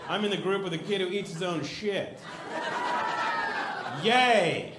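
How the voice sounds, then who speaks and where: A man telling a stand-up comedy story on stage, peppering each beat with "right?" and leaping into loud character voices. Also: a little fast, a loud crowd, very noisy. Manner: animated storytelling, jumps into shrill shouted voices for characters; tag questions "right?" after nearly every beat. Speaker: stand-up comic. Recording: roomy club sound with audience.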